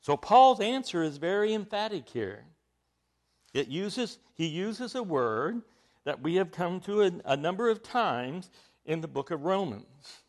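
A male preacher with a high voice that swings widely as he teaches. He speaks slowly and deliberately, building to emphatic, rising bursts. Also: big pitch swings. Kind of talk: sermon.

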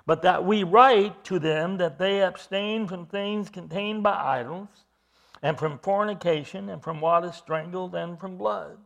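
Male preacher, higher register with some gravel; reads scripture aloud, then punches key words and asks rhetorical questions. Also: unhurried. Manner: emphatic, rising to loud stresses on key words. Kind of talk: expository sermon reading scripture.

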